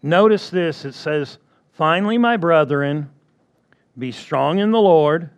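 A man's voice: on the high side, expressive, slow, smooth. A man preaching a sermon who repeats his key phrases and keeps asking the congregation for agreement.

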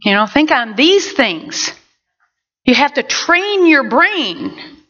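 A woman pastor preaching a sermon in an animated way, with quick asides to her congregation. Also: high-pitched. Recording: dull lo-fi recording.

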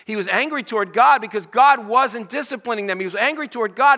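A man preaches a sermon in a high, bright voice. He reads scripture and acts out its quoted lines with rising emphasis. A long reverb hangs around his voice, as in a large hall. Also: fast talker, few pauses. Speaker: pastor.

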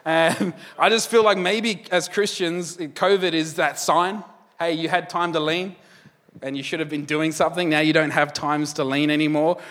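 A man delivers a sermon in a loose, conversational way, dropping in jokes as he goes. His voice sits a little high for a man. It rings out with the long reverb of a large hall. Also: fairly even intonation, moderate pace, hardly any pauses, a bit bright. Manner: conversational, joking asides with laughs. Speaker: pastor.

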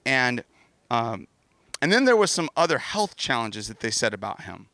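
A man's voice: mid-range voice, sing-song, normal speed, bright, forceful tone, dry recording, studio quality. A middle-aged male pastor telling a personal story in a sermon, earnest and candid, with self-deprecating asides.

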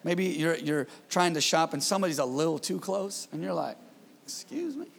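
A man preaching as pastor in his church, in a lively, conversational style with call-and-response to the congregation. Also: fairly high pitch, brisk, vocal fry, big-room sound. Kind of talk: sermon.

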